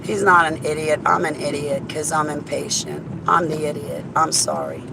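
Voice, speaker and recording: A woman's voice: sits low, level tone, normal speed, vocal fry. A woman chatting casually while driving, rambling to herself and greeting viewers by name. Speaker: vlogger. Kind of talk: casual driving vlog chat. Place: inside a car on a highway. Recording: road and wind noise in a car.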